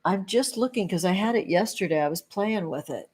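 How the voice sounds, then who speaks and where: A woman's voice: medium pitch, animated, brisk, a little mellow, breathy edge. A woman hosting a casual livestream, gushing and affectionate, greeting viewers by name and calling them pet names. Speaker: livestream host, tarot reader and witch.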